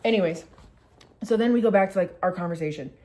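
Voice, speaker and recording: A woman's voice: lowish voice, quick pace, dark tone. Chatty young woman telling a story. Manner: chatty, profane, heavy use of "like". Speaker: vlogger. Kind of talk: casual storytelling.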